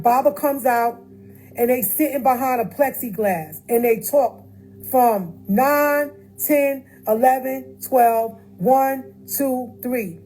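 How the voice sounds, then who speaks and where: A woman's voice: on the high side, warm tone, rough recording. Emphatic woman on a phone livestream. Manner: emphatic, repeats phrases, addresses viewers directly. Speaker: livestream host. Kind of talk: casual livestream talk.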